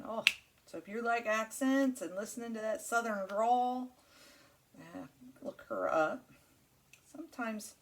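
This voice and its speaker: A woman's voice: medium pitch, slight background noise. A woman hosting her crafting channel, chatting casually while she works, rambling and friendly with many fillers.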